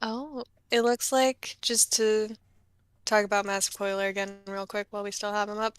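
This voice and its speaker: A woman co-hosting a casual draft show, upbeat and quick to laugh. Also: medium pitch, level tone, smooth, no echo.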